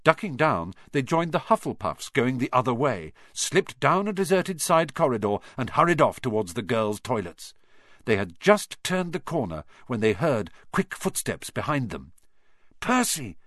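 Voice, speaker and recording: A man reading a children's story aloud in an animated, expressive manner. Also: medium pitch, normal speed, no room sound. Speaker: audiobook narrator. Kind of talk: scripted storybook narration.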